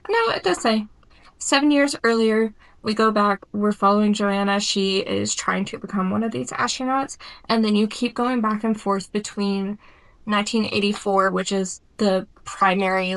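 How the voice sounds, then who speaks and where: A woman's voice: mid-range voice, low-quality recording. Chatty young woman reviewing a book. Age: 20s. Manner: chatty, uses filler "like" often. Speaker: book vlogger. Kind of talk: casual book review vlog.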